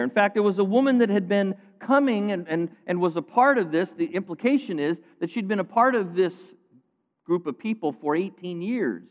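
A man preaching a sermon, retelling a scripture story with lively emphasis that swings between loud, pointed lines and quiet asides. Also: high-pitched, normal speed. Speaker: pastor. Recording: phone-like sound with long hall reverb.

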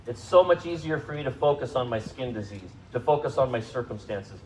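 A man preaching a sermon to a congregation, speaking conversationally, asking them questions and rising in pitch and volume for emphasis. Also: expressive, brisk, few pauses, a little mellow, slight background noise, poor audio. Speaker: pastor. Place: church service.

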